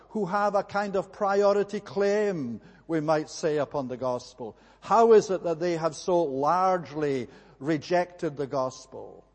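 A man preaching a measured expository sermon, pausing often with "eh" between phrases. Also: fairly high pitch, a little mellow. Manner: measured, deliberate, frequent "eh" fillers. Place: church. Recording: church hall with long reverb.

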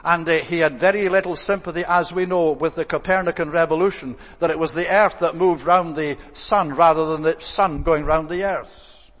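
A man preaching a sermon in an earnest, measured way, stressing points by repeating words. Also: on the high side, steady tone, a bit bright, in a large hall.

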